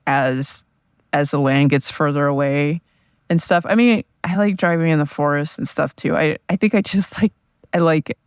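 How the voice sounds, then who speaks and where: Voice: medium pitch, clean tone, no room sound, studio quality. A podcast host talking casually on their own, rambling and self-deprecating. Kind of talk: casual solo podcast monologue.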